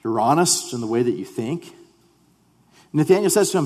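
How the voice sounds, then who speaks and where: A man's voice: medium pitch, animated, a little fast, darkish tone, big-room sound. A man preaching a sermon as pastor, earnest and conversational, often restarting his sentences. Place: church sanctuary.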